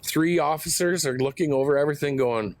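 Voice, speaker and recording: A man's voice: fairly high pitch, brisk, dry recording. Foul-mouthed man ranting. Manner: profane, heated storytelling. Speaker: host. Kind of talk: casual vlog rant.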